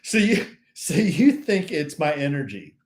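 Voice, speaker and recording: A man co-hosts a casual live stream, telling stories with a lively, swooping delivery. He acts out the other people in his tales, and the echoey room rings around his voice. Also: on the high side, measured pace. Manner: animated storyteller, acts out other people's lines. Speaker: co-host.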